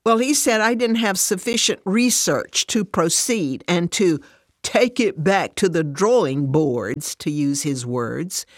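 A woman's voice: fairly low pitch, animated, unhurried, dry recording, studio quality, voice pushed up. Woman voicing an upset, defensive working mother. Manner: sarcastic, defensive, near tears.

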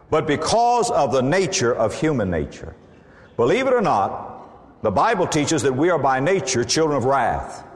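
A man preaching a sermon, animated and emphatic, quoting scripture. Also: mid-range voice, long reverb tail.

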